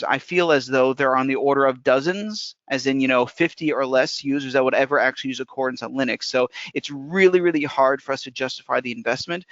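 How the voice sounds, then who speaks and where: A man, a software developer, walking through a live software demo in a casual, technical way, often thinking aloud. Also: medium pitch, dry recording. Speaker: software developer presenting a webinar. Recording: dull lo-fi webinar audio.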